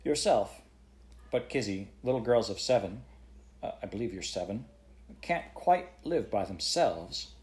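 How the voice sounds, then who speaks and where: A man voicing a patient older male court chairman who speaks gently but firmly, in measured phrases. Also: lowish voice, animated. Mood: gentle.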